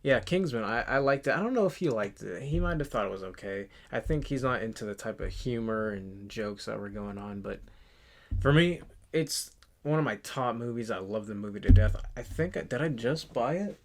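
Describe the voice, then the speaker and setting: A man in his twenties chatting casually in a vlog, rambling and halting with lots of fillers and restarts. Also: medium pitch, lively intonation. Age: 20s. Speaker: channel host. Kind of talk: casual movie collection vlog.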